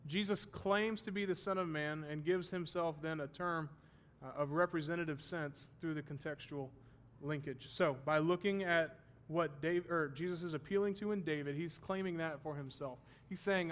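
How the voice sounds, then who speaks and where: A man's voice: a little high, steady tone, normal speed, hardly any pauses, a bit bright. A man teaching a Bible study class, explaining terms and checking that his students follow, with the odd self-deprecating joke.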